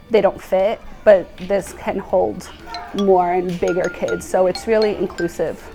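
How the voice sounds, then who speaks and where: A woman's voice: medium pitch, darkish tone. Friendly woman therapist explaining her method. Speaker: behavior analyst. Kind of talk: interview.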